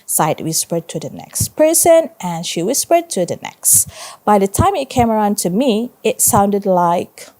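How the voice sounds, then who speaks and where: A woman teacher reading a story aloud to her pupils and pausing to ask them questions. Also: medium pitch, big pitch swings, warm tone. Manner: slow, stops to ask students questions.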